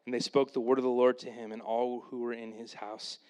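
Animated male pastor preaching. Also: medium pitch, a little fast. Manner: animated, acts out the Bible characters in voices. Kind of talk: sermon.

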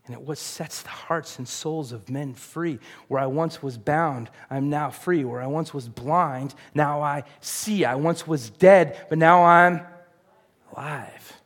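A man's voice: fairly high pitch, a little slow, few pauses. A middle-aged man, preaching a sermon in a casual, conversational way and putting questions to the congregation. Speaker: pastor.

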